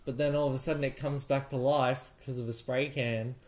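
A man's voice: medium pitch, little pitch movement, a little fast. An Australian man hosting his own show, telling a story in a casual, rambling, jokey way with many restarts. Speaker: podcast host.

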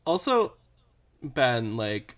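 A man's voice: medium pitch, sing-song, very slow, fairly bright tone. Rambling man co-hosting a podcast. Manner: rambling, with frequent "like" fillers and sighs. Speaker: podcast co-host. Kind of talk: casual chat recapping a TV show.

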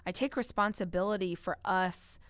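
A woman's voice: medium pitch, normal speed, fairly bright tone, no echo. A woman hosting a solo motivational podcast as a business owner, talking energetically and emphatically straight to her listeners.

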